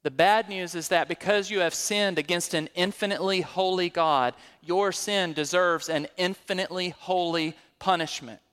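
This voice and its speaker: A man's voice: high voice, fairly even intonation, normal speed, hardly any pauses, fairly bright tone, clear, resonant tone. A man preaching a sermon, working verse by verse through scripture with rhetorical questions and building to emphatic peaks. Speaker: pastor. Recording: long hall reverb.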